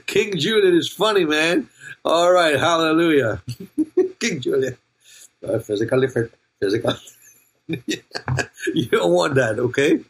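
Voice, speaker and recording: Jokey older male preacher, husky voice. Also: fairly high pitch, sing-song, takes it slowly, long pauses, fairly bright tone. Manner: playful, jokey preaching with laughs and call-outs to the congregation. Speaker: pastor. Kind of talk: sermon.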